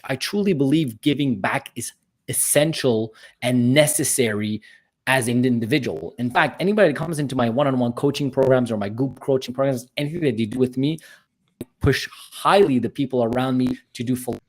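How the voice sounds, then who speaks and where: A man speaking as a podcast guest, earnest and motivational, building his points with emphasis. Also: medium pitch. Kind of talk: podcast interview.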